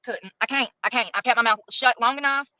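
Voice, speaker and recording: Middle-aged woman, self-pitying rant, bright tone, muffled low-quality audio. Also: a little fast, dry recording. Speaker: clip subject. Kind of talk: ranting to camera. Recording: dull lo-fi clip.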